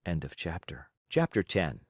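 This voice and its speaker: Male audiobook narrator, storybook reading, low voice, very lively intonation, dry close mic. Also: moderate pace, dry recording.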